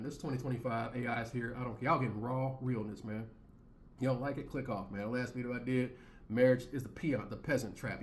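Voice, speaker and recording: A man in his thirties rants bluntly into the camera, heated and slangy, circling back to the same points. His voice sits in an ordinary middle pitch, and a faint hum runs behind him. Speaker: commentary channel host. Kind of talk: blunt commentary rant.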